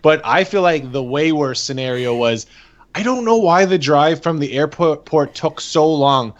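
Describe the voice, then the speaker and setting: A man's voice: fairly high pitch, unhurried, muffled recording. A man hosting a casual chat podcast, easygoing and agreeable, often laughing along with his co-host.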